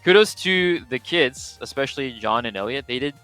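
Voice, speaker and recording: Male co-caster, bright voice, excited and rambling. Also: medium pitch, normal speed, clear, resonant tone, soft background music. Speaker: esports co-caster and organizer. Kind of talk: live esports commentary.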